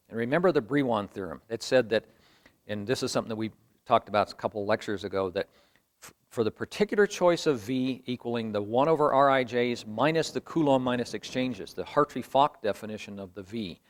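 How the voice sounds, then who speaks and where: A man lecturing a university class, explaining each step patiently and thinking aloud as he works through equations at the board. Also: medium pitch.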